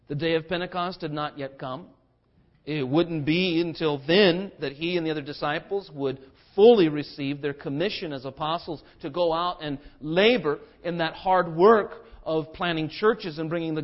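A pastor preaching a sermon, shifting between hushed passages and forceful declarations. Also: male voice, on the high side. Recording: dull lo-fi sermon recording.

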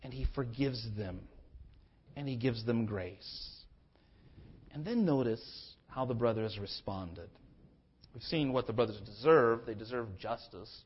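A man's voice: unhurried, slightly rough. Impassioned male preacher, slightly dull sound. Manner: impassioned preaching with wide swings in pitch and loudness; acts out biblical speakers in a conversational voice. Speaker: pastor. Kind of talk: sermon.

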